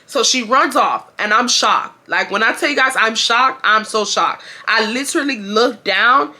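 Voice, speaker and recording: A woman in her twenties from Houston, telling a casual storytime in an animated, emphatic way that repeats lines for effect. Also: on the high side, measured pace. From Houston, Texas. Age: 20s. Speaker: vlogger.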